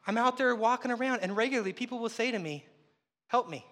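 A man's voice: very high-pitched, racing, a bit bright, in a large hall. A man preaching a sermon as pastor, telling stories in a conversational, self-deprecating way. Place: church sanctuary.

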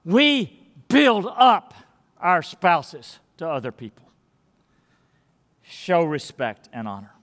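A man preaching a sermon as pastor, emphatic and swinging from loud declarations to hushed lines. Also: on the high side, wildly swooping pitch, slow, long pauses. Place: church sanctuary. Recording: long church reverb.

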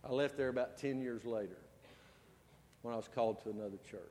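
A male pastor preaching a storytelling sermon, swinging between loud and soft. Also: mid-range voice, fairly quick, a little hiss or hum. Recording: long church reverb.

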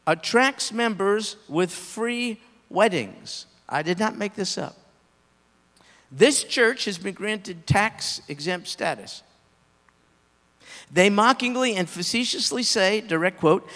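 A man preaching a sermon as pastor, with an emphatic delivery that swings between loud peaks and quiet drops. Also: sits high, expressive, slow pace, in a large hall.

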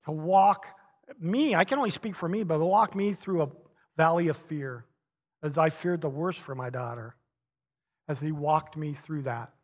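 A middle-aged man preaching a sermon, telling stories with chuckles and lively emphasis. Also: on the high side, normal speed. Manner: animated storytelling with chuckles. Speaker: pastor. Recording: long reverb of a large hall.

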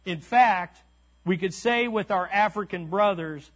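Male pastor, unhurried delivery, repeats key lines for the congregation. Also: high voice, fairly bright tone. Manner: calls to the congregation. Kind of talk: sermon.

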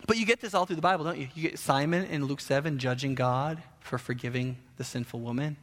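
Man preaching, high lively voice, conversational, long hall reverb. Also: quick pace. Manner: animated, conversational, frequent rhetorical questions. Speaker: pastor. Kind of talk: sermon.

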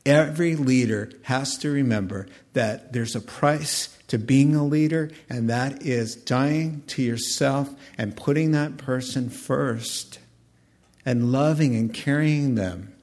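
Male pastor, sermon; husky, mid-pitched, animated storyteller. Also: slow. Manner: animated storytelling preacher, acting out scenes.

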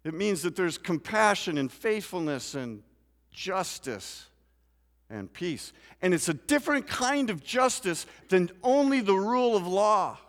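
A man preaching a sermon in a church, moving from quiet scripture reading to loud, rising emphasis. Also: high-pitched, lively intonation, unhurried. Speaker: pastor. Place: church sanctuary. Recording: long church reverb.

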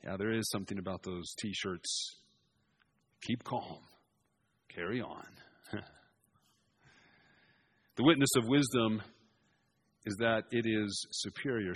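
Husky-voiced man preaching. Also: on the low side. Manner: expository preaching with rising emphatic passages and quiet asides. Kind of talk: sermon.

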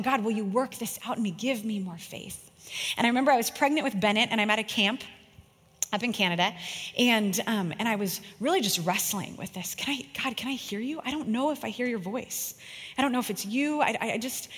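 A woman's voice: medium pitch, a bit bright, husky. A woman in her thirties giving an earnest sermon, telling personal stories with emphasis. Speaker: speaker. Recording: long echo in a large room.

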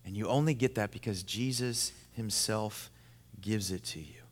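A man preaching a sermon to a men's gathering, emphatic and repetitive, moving between loud, rising passages and hushed, intense ones. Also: lowish voice, moderate pace. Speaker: pastor. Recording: long hall reverb.

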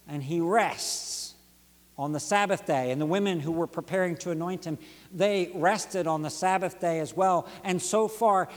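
A pastor delivering a sermon with rhythmic, dynamic preaching that swings from near-whisper drops to rising emphatic peaks. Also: male voice, on the high side, big-room sound. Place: church sanctuary.

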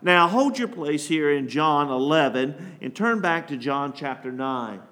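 A man's voice: on the high side, expressive, unhurried, bright, forceful tone. A man pastor preaching a sermon, reading scripture and asking the congregation to call out words.

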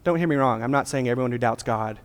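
A man's voice: mid-range voice, fast talker, smooth. A man preaching a sermon as a pastor, with a casual, joking, conversational delivery. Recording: long hall reverb.

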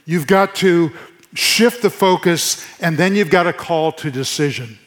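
A man preaching a sermon to his congregation in church, earnest, repeating phrases for emphasis and dropping to a soft hush. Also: fairly high pitch, expressive, measured pace. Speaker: pastor.

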